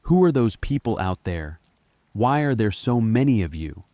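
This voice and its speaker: A man playing a panicked husband who snaps and shouts in terror. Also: lowish voice, very animated, normal speed, dry recording, pitched above the performer's own voice. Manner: shouting, hissing, snapping.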